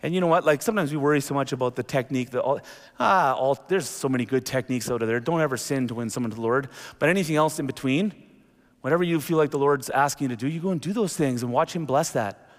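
A middle-aged man preaching a sermon as pastor, telling a story with animated energy. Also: medium pitch, fast. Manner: animated storytelling, jumps into acted quotes. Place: church sanctuary. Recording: long reverb of a large hall.

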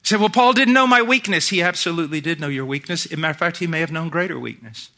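A middle-aged man preaching a sermon, moving between hushed, intense passages and shouted emphasis. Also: fairly high pitch, rapid-fire.

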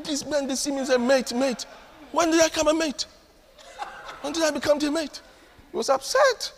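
Animated pastor preaching in an echoing hall. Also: male voice, fairly high pitch. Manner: animated storytelling with acted asides. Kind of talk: sermon. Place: church hall. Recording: long hall reverb.

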